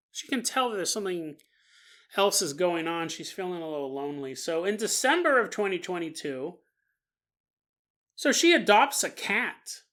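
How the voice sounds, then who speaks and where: A woman's voice: on the low side, fairly bright tone. A woman hosting a podcast, telling a paranormal story in a chatty, joking way and acting out the people in it. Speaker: podcast host. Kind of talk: casual paranormal story narration.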